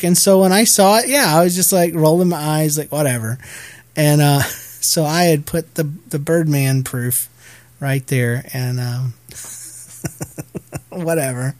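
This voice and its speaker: A man hosting a podcast tells everyday stories casually and lively. His voice sits a little high for a man. The sound is close and dry, with no room echo. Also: normal speed. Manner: animated, acts out quotes in a raised voice. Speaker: podcast host. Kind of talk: casual storytelling.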